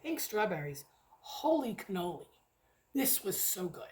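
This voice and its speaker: A middle-aged woman from the United States chatting casually at home about wax she has tried, excitable and cursing now and then. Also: mid-range voice, moderate pace. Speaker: wax reviewer. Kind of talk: casual chat. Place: home near an airport.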